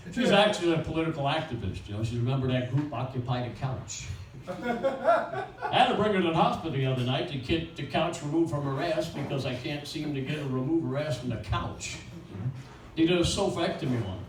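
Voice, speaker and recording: Older male comic, crude rambling one-liners, slightly high voice, caught on a distant mic in a roomy space. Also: animated, fairly quick, slight background noise. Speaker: stand-up comedian. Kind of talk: stand-up comedy at an open mic. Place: small bakery venue with few people. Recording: roomy echo from a distant mic, faint ambience.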